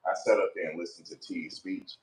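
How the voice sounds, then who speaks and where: A man doing casual vlog commentary, animated and slangy, repeatedly pleading with viewers for likes. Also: sits low, brisk. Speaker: online commentator.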